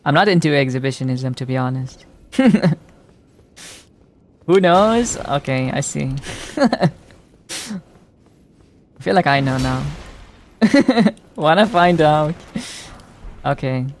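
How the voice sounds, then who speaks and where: A slightly high-voiced man chatting through a live game stream. He jokes around and teases his viewers, breaking into laughter as he reacts to their messages in a loose, casual way. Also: expressive, slow pace, long pauses, slight background noise. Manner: chatty, teasing, laughs often, reacts to chat. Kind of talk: casual live-stream chat while playing.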